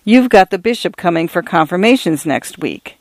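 A man's voice: high-pitched, lively intonation, normal speed, no room sound. A man voicing a genial priest in his late fifties who chats easily and tells gossip, in a read-aloud story. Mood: chatty. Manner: easygoing, chatty.

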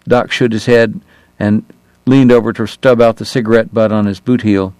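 A man reading a novel aloud in steady, measured narration. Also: on the low side, dry recording, poor audio. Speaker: audiobook narrator. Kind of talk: scripted narration.

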